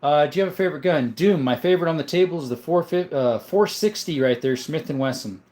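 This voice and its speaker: A man's voice: on the high side, quick pace. Chatty man hosting a livestream. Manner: reads viewer comments aloud and answers them, relaxed and chatty. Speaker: livestream host showing his gun collection. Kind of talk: casual live-stream chat.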